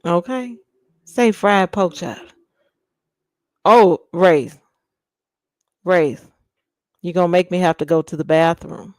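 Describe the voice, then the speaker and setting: A woman's voice: fairly low pitch, slow pace, pauses often, a little mellow, dry recording. A woman hosting a casual live chat with viewers, playful and teasing, drawing out lists of food. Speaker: livestream host.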